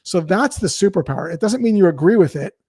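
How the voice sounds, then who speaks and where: A man's voice: high voice, expressive, fast talker, warm tone, slightly rough, dry recording, studio quality. Upbeat man telling sales stories. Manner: explains through anecdotes and example dialogue. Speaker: sales expert guest. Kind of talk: conversational interview storytelling.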